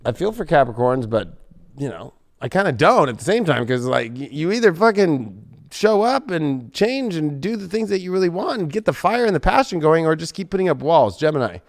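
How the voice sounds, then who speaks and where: A man with a fairly high voice gives a live tarot reading from a studio. He rambles bluntly and swears constantly as he shuffles and reads the cards. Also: big pitch swings, fairly quick. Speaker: tarot reader.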